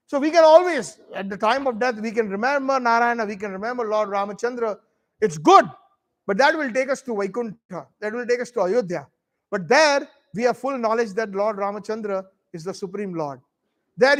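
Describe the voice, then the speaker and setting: A man's voice: high-pitched, fairly bright tone. A man giving a devotional sermon at a temple festival, telling stories with quoted dialogue and frequent restarts. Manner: frequent fillers and restarts, addresses audience directly. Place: temple hall.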